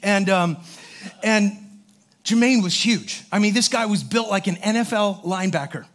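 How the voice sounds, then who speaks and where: A man preaching a sermon as a pastor, telling a story in an animated way and acting out the voices of the people in it. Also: high-pitched, normal speed. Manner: animated storyteller, acts out voices, many fillers.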